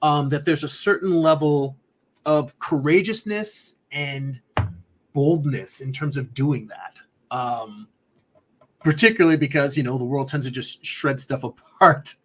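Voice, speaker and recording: A man's voice: on the high side, unhurried. A man casually chatting on a livestream as an artist, laughing easily and reading viewer comments aloud. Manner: relaxed, rambling, laughs often, reads chat comments aloud. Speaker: artist streamer answering chat.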